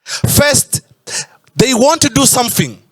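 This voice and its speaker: A man's voice: very high-pitched, sing-song, takes it slowly, fairly bright tone. A man preaching a sermon in church, stretching out emphatic phrases and sometimes breaking into a sung tone. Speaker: pastor.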